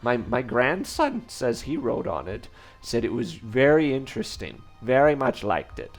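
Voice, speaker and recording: A man's voice: mid-range voice, wildly swooping pitch, moderate pace, soft background music. A man voicing a chatty old man by the roadside, rambling in a folksy way about a new invention and his grandson.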